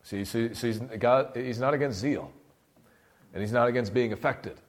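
A man's voice: mid-range voice, moderate pace. A man preaching a sermon in a conversational, impassioned way, rising into bursts of fervor.

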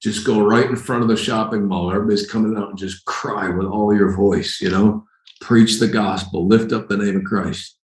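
A man with a lowish voice preaches a sermon, animated and fond of acting out the scenes he describes. The sound carries a noticeable room echo around him. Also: moderate pace. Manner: animated, acts out scenes with sudden shouted lines.

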